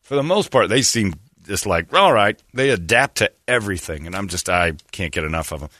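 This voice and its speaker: A man's voice: on the low side, fairly quick, dry recording, clean studio sound. A man hosting a comedic podcast chat, rambling and sarcastic. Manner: rambling, sarcastic, animated, slips into mock voices.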